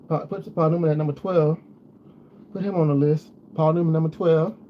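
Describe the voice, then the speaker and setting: A man chatting casually to his viewers, rambling and repeating himself as he goes. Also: fairly high pitch. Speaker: vlogger. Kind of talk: casual chat. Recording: dull lo-fi sound with faint noise.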